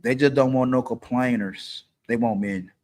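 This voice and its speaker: A man's voice: medium pitch, steady tone, moderate pace, a little mellow. A middle-aged man, hosting a live stream and giving blunt dating advice, repeating his points for emphasis. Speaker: livestream host.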